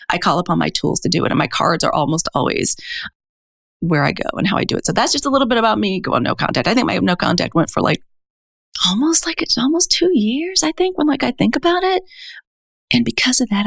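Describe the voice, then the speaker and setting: A woman from Mississippi co-hosting a podcast, talking candidly and with feeling, with lively asides. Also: fairly low pitch, creaky, no room sound, clean studio sound. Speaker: podcast co-host. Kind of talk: casual podcast chat.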